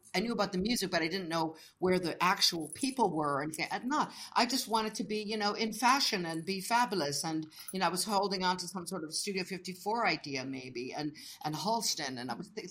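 Low-voiced animated woman telling stories. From United States. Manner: animated, acts out quoted voices, laughs often. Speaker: interview guest. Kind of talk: casual storytelling.

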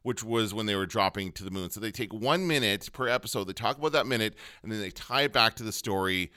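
A man talks casually on a podcast, sharing recommendations in a loose, filler-heavy way. His voice is bright and forward. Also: on the low side, fast talker, clear, resonant tone. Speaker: podcast co-host. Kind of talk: casual chat.

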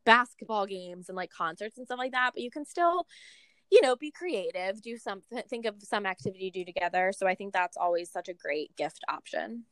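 A woman's voice: medium pitch, animated, fairly quick, fairly bright tone, smooth, no room sound. A young woman co-hosting a casual chat, talking freely with lots of "like" and "um". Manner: chatty, many fillers like "like" and "um". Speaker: podcast co-host.

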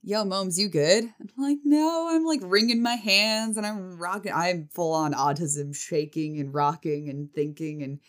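Animated self-mocking woman storyteller. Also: lowish voice, unhurried, few pauses. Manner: rambling with restarts and fillers. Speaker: vlogger. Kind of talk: casual storytelling.

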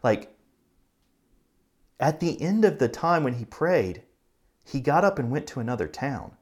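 A male pastor delivering a sermon in an earnest, conversational way. His voice sits at an ordinary middle pitch, and his pace swings between quick bursts and slow, stressed phrases. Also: very animated, a little mellow. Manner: conversational preaching, earnest, speeds up and slows for emphasis.

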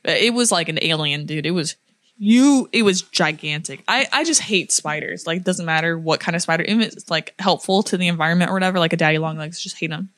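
Chatty young woman with a low voice. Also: fairly quick, a bit bright, no room sound, clean studio sound. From Florida. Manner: chatty storyteller with many fillers and laughs. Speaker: podcast co-host. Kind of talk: casual chat.

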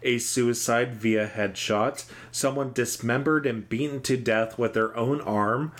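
Calm man podcast co-host. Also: mid-range voice. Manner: calm, measured, runs the show segments. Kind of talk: casual chat.

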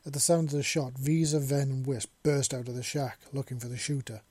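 Brief: male storyteller, dark husky voice, dry close sound. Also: mid-range voice, fairly quick, dry recording. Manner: plain steady reading with small slips. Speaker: narrator. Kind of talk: reading fan fiction aloud.

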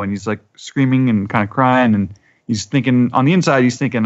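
A man's voice: fairly low pitch, fairly even intonation, normal speed. A man on a podcast panel, narrating a comic chapter in casual chat and acting out quoted lines in a raised voice. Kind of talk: casual manga recap chat. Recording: dull lo-fi audio.

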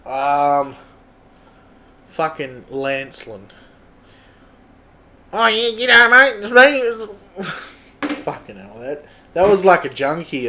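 A young adult Australian man hosting a solo podcast, thinking aloud in a halting, muttering way with a lot of swearing. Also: medium pitch, slight background noise. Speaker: podcast host. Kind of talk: casual solo podcast chat.

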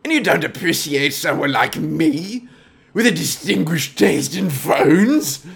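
A man voicing a pompous, snobbish gentleman who is indignant about his phones and speaks with affected old-fashioned indignation. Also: a little high, expressive, unhurried, gravelly, full character voice. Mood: huffy.

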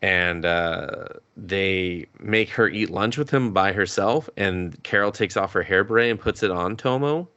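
A man's voice: low voice, measured pace, bright, forceful tone, dry recording, lo-fi sound. A man hosting a podcast, casually recapping an anime, swearing freely and laughing as he retells scenes. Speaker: podcast host.

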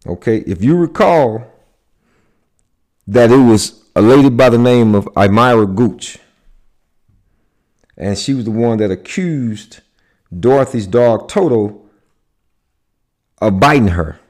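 A man from the United States lecturing at an unhurried, measured pace, with a mid-pitched voice. He speaks deliberately and often stops to check that his listeners are following. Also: lively intonation, darkish tone. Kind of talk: lecture on symbolism.

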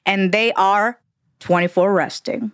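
A woman's voice: medium pitch, fairly even intonation, a little slow, dry recording, clean studio sound. Bubbly woman hosting a podcast. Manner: bubbly, playful, folksy sayings. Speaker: podcast host. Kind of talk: casual podcast interview.

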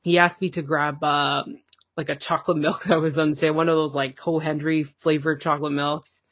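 A woman's voice: low voice, little pitch movement, a little fast, no echo, clean studio sound. A woman guest telling a personal story in casual talk, full of fillers and acted-out quotes. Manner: chatty, many fillers, acts out quoted dialogue. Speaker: podcast guest.

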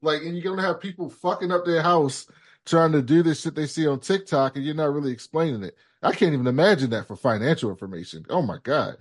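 A man's voice: a little high, quick pace. Opinionated American man podcaster. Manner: opinionated, profane, rambling with many fillers. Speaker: podcast co-host, former film critic. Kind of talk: casual podcast chat.

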